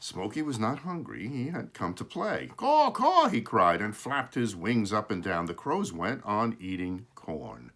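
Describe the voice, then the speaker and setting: A man reads a children's storybook aloud in an animated way, his voice swooping high and low as he tells it. He stops now and then for casual asides to show the pictures, and corrects his small slips as he goes. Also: unhurried, hardly any pauses. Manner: shows pictures while reading.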